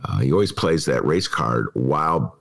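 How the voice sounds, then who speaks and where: Man, podcast host, very low voice, lively intonation, opinionated casual talk. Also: normal speed, gravelly. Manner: opinionated, animated commentary.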